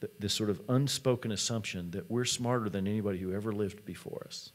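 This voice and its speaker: Male college president, keynote talk, relaxed storyteller, lower voice. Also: fast. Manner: storytelling, conversational.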